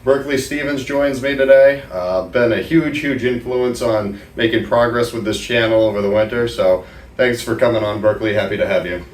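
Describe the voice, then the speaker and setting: A young man hosting an interview show, asking short, relaxed questions. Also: medium pitch, moderate pace. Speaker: podcast host. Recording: echoey room, mic at a distance, faint noise.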